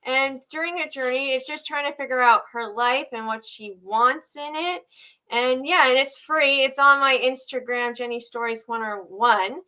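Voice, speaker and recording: A woman in her twenties, an author and animator, talking about her projects as an interview guest in a relaxed way. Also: high-pitched, normal speed. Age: 20s. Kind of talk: casual interview chat.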